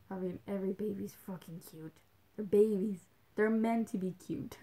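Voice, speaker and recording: A woman's voice: medium pitch, normal speed, darkish tone. A young woman talking in a rambling, casual way as a livestream host, full of "like"s, slipping in Spanish phrases now and then. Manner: chatty, rambling, with many "like"s and little laughs. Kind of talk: casual chat.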